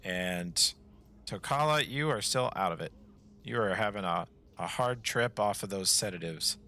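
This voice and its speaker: A man's voice: fairly low pitch, expressive, unhurried, sharp tone, a little hiss or hum. A man narrating a tabletop game as game master, describing scenes with occasional fillers.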